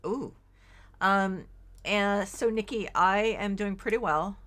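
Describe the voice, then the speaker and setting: A woman's voice: medium pitch, takes it slowly, fairly bright tone. A middle-aged woman streaming a game, chatting in a rambling way and reading chat aloud while getting over being sick and yawning. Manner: frequent fillers and restarts. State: yawning, recovering from illness. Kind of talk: casual chat while playing.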